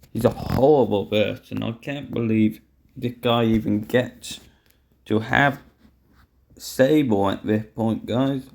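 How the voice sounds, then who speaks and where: Slow, outraged male wrestling commentator. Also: mid-range voice, creaky, a little mellow. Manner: outraged, swearing, addressing viewers as guys. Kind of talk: play-by-play wrestling game commentary.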